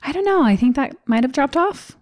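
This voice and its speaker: A woman's voice: sits high, animated, brisk. A woman in her thirties co-hosting a casual chat, laughing and poking fun at herself. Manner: laughing, self-deprecating. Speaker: podcast co-host.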